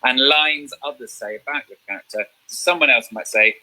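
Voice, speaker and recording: A man's voice: medium pitch, normal speed, pushed and bright, poor audio. A man teaching a drama revision lesson, explaining step by step and checking in with "okay?".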